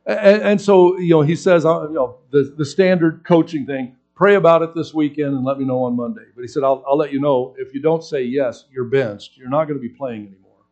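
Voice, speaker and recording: A man preaching a sermon, telling a personal story with acted-out quotes and lively swings in voice. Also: on the high side, brisk, lo-fi sound. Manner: animated storyteller acting out quotes. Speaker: pastor.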